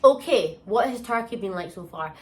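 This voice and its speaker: A young woman from the UK, telling a holiday story in a casual vlog, animated and exclamatory with plenty of slang. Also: medium pitch, moderate pace, low-quality recording. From United Kingdom. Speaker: vlogger. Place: holiday villa.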